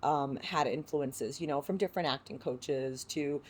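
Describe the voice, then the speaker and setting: A woman with a low voice talks as a podcast guest. She is reflective and heartfelt, thinking aloud with plenty of filler words. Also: normal speed, a little mellow, breathy edge. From San Diego, United States. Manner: reflective, heartfelt, full of "you know" fillers. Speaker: actress guest. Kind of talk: podcast interview.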